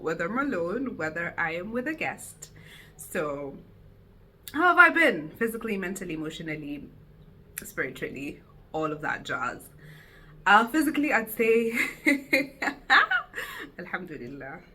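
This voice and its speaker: Lively bright-voiced woman vlogging. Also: medium pitch, slight background noise. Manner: giggly, animated, self-teasing. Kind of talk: casual solo vlog chat. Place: seated indoors at home. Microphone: camera mic, no lapel.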